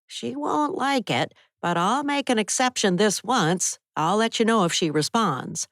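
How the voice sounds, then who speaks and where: A woman reading the part of a cautious male violin teacher in an audiobook, speaking softly and soothingly. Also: mid-range voice, expressive, measured pace, no room sound, studio quality, pitched above the performer's own voice. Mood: measured. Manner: soft, soothing delivery. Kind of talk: audiobook character voice.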